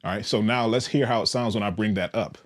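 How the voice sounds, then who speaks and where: A man casually demonstrating and explaining a bass guitar's controls, in a relaxed, explanatory way with frequent "all right" checks. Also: fast talker. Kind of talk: casual instructional demo.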